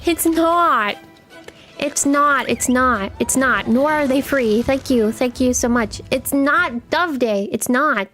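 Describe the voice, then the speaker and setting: A woman's voice: high voice, unhurried, few pauses, a bit bright, soft background music. A young woman streaming a game live, chatting with her viewers in a playful, teasing way.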